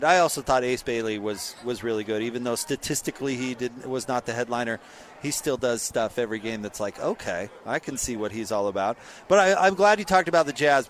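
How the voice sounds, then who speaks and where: A man hosting a sports radio show, giving blunt, sarcastic opinions in an animated rant. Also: medium pitch, a little hiss or hum.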